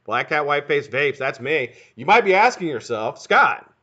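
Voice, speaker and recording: Fast-talking, profane streaming host, a man. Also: a little high, sing-song, pushed and bright, muffled recording. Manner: fast-talking, profane, greets chat by name. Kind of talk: casual live-stream chat.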